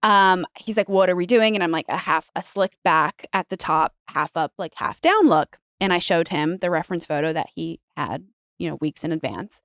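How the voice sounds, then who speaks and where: A woman telling a wedding story in casual chat, animated and swearing freely. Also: on the low side, normal speed, no echo, studio quality. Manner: animated, swearing, acts out quoted voices. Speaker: podcast guest, bride telling her wedding story.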